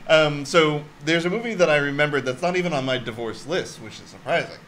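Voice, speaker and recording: A man's voice: on the high side, brisk, fairly bright tone, a little hiss or hum. A man co-hosting a movie podcast who rambles through movie scenes, laughing as he tells them. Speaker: podcast co-host. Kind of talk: casual chat about movies.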